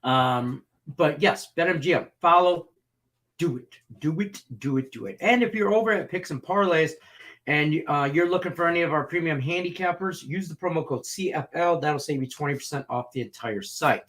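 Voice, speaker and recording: A man's voice: fairly high pitch, normal speed. A man co-hosting a sports betting talk show, telling rambling, jokey stories in casual chat. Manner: rambling, jokey, animated storytelling.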